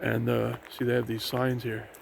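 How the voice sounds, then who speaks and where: A man narrates a walk on an outdoor trail in a rambling, casual way, full of fillers and restarts. His voice is gravelly and mid-pitched. The recording is noisy, with wind and river sound behind him. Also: completely flat delivery, normal speed. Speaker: vlogger. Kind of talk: casual walking tour narration.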